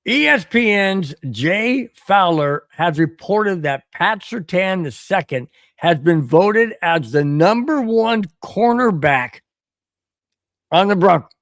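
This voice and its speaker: Sports podcast guy with a higher voice, takes it slow, fires off rhetorical questions, super dry sound. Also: dry recording. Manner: emphatic, rhetorical questions, animated swings. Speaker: podcast host. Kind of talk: casual sports commentary.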